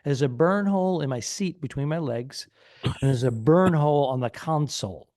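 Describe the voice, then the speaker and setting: A man's voice: a little high, normal speed, darkish tone, no room sound, clean studio sound. A man co-hosting a comedy podcast, telling a long rambling story in casual chat and acting out the people in it. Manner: rambling anecdote, acts out quoted people. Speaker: podcast co-host.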